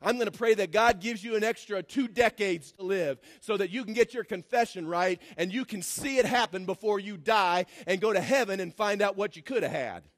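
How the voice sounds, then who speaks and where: A man preaching a sermon as pastor, swinging from shouted declarations to low, mocking asides. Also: fairly quick, hardly any pauses, no echo, studio quality. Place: church.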